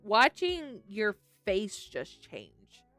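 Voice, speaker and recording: A woman's voice: medium pitch, very slow, no echo, soft background music. A woman co-hosting a podcast, telling her own stories candidly in casual chat and acting out her reactions. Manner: animated storyteller, acts out her own reactions. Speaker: podcast co-host.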